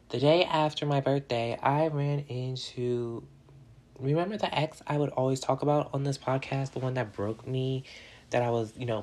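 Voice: medium pitch, a little mellow. A person in their twenties hosting a casual solo podcast, rambling and candid, dropping "like" into almost every phrase and joking with the listeners. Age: 20s. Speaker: podcast host.

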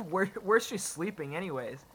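A man's voice: sits high, expressive, unhurried, a bit bright, slight background noise. An older man acting a teasing, good-humored grandfather in a family drama. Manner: teasing, jovial, chuckling.

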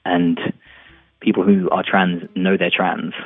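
Deep-voiced man on a tinny line. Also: flat delivery, slightly rough, dry recording, soft background music. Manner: candid, explanatory, quick restarts. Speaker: listener responding to the show.

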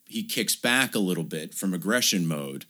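A low-voiced male podcast host talking in loose, animated bursts. His pitch swings widely as he riffs, and he swears freely. It is casual chat between friends. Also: moderate pace. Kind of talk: casual chat reviewing a movie.

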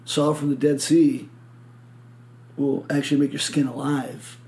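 Gravelly man telling a rambling story. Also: medium pitch, little pitch movement, measured pace, darkish tone. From Michigan. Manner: rambling storyteller, swears a lot, acts out quotes. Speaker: podcast host. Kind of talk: casual chat.

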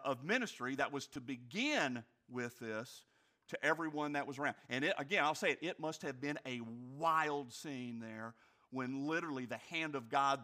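Bright-voiced animated male pastor. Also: mid-range voice. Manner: animated, rhetorical questions, emphatic slowed phrases; humorous asides. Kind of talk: sermon.

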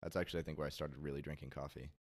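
A man with a low, deep voice, chatting as a guest on a talk show. He rambles through his story with plenty of fillers and the odd swear word. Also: steady tone, rapid-fire. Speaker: podcast guest. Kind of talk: casual chat.

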